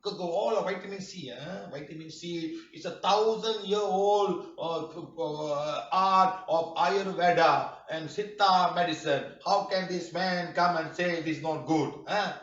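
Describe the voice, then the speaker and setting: A man teaching a healing workshop class, speaking emphatically, often shouting and firing rhetorical questions. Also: on the high side, a little slow, hardly any pauses. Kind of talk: classroom lecture. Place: workshop room. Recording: roomy, distant, dull lo-fi room recording.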